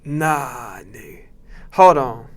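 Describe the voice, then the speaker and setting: A man streaming casually, muttering to himself, swearing freely and breaking into loud exclamations. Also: medium pitch, drawn-out words. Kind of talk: casual livestream chat.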